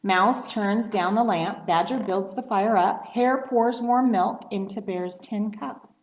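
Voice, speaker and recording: A woman librarian reading a picture book aloud to children, slow and expressive. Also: mid-range voice. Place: library story time room. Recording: roomy library room.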